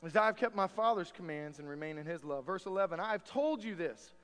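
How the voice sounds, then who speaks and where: A pastor with a high-pitched voice delivers a sermon in a folksy, conversational way, mixing scripture reading with homespun stories. His voice carries a long reverb tail from the church sanctuary. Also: animated, quick pace, fairly bright tone. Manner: folksy, conversational preaching with storytelling.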